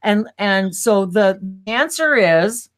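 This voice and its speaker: A woman's voice: medium pitch, lively intonation. Rambling woman chatting on a live stream. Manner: rambling, self-interrupting, quick laughs. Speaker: co-host of a live spiritual stream. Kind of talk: casual live-stream chat.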